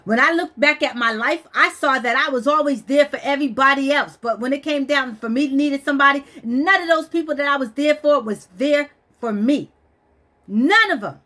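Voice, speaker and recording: A woman's voice: high-pitched, normal speed, bright, forceful tone. A woman venting bluntly on a vlog, stressed and weepy, swearing as she talks. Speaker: vlogger. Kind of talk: emotional personal vent.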